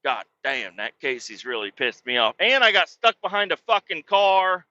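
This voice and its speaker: A man's voice: fairly high pitch, sing-song, moderate pace, pushed and bright, no room sound, highs cut off. A man, a truck driver hosting his own podcast, ranting casually and profanely about his day. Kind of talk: casual rambling monologue.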